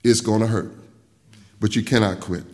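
A middle-aged male pastor preaching a sermon, telling stories in a folksy way, laughing between lines and swinging from loud to hushed. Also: fairly low pitch, fairly even intonation, moderate pace. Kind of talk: sermon with storytelling.

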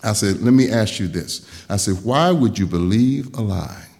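An older man preaching a sermon, telling personal stories, dropping soft and low for quoted talk and rising loud when he preaches. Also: animated, moderate pace, gravelly. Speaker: pastor.

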